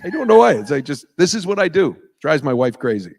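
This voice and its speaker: A man's voice: fairly high pitch, sing-song, fast talker, gravelly, darkish tone. A middle-aged man from New England, a voice actor guesting on a convention panel, telling rambling stories full of tangents and chuckles before a live audience in an auditorium. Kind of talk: casual stage chat with anecdotes.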